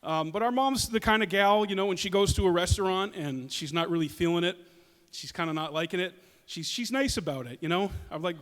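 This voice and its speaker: A man's voice: sits high, fairly quick, few pauses, fairly bright tone, long reverb tail. A male comedian telling rambling stories in stand-up, with frequent restarts. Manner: rambling self-interrupting storytelling. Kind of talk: stand-up storytelling. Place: stage in a reverberant hall.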